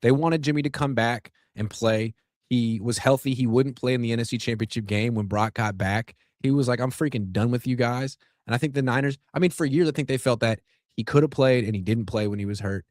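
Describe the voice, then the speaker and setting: Man, sports podcast co-host, opinionated, steady, mid pitch, dry close sound. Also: brisk, no echo. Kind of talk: casual sports talk.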